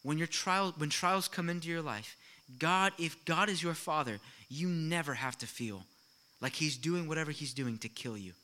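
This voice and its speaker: Middle-aged pastor guy preaching, high bright voice, lots of questions to the crowd. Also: moderate pace. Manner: animated preaching with rhetorical questions and asides. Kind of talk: sermon.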